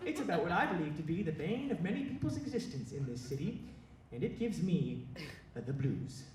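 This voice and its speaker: An actor playing a sad, needy, self-pitying husband in a live comic stage monologue, grumbling and then bursting into shrill yelling. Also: male voice, very animated, a little fast, a little hiss or hum. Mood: sour. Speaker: stage comedy performer. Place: theatre stage with a live audience. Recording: echoey live stage recording with crowd and music.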